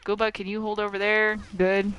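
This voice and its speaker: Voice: medium pitch, monotone, moderate pace, fairly bright tone, slight background noise, poor audio. A game streamer commentating live with playful drama and talking to the characters on screen.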